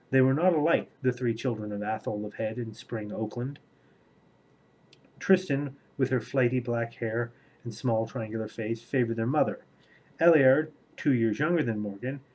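A man's voice: medium pitch, a little mellow, slightly rough, low-quality recording. A man hosting a casual book vlog, rambling conversationally and then reading a fantasy chapter aloud. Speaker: book vlogger.

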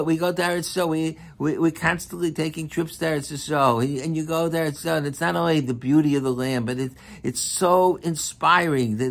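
A man giving a sermon as a rabbi, speaking in an animated, emphatic way and often repeating himself. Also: a little high, vocal fry. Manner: animated, emphatic, with frequent repetition.

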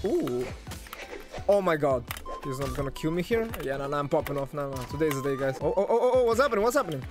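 A young man giving excitable live commentary while playing a fighting game, shouting at big plays and groaning at his mistakes. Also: on the high side. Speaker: gaming streamer. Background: game music.

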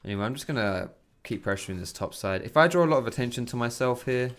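A man's voice: medium pitch, animated, quick pace, fairly bright tone. A young man giving loose, chatty commentary on his own gameplay from his bedroom, swearing freely. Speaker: gaming commentator. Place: bedroom at home. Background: keyboard and mouse clicks.

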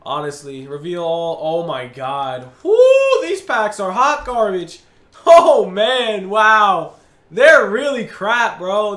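A man talking slowly over a video game, his pitch swinging widely as he groans, sighs and rants in exasperation. His voice rings a bit in a roomy, echoey space. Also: a bit bright. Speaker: gaming video creator. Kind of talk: video game pack opening commentary.

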